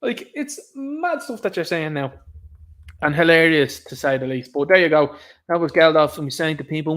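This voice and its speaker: A man's voice: on the high side, animated, moderate pace, fairly bright tone. A man with a Dublin accent hosting a casual livestream, ranting sarcastically and laughing often. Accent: Irish, Dublin. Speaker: streamer, host. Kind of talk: casual livestream rant commentary.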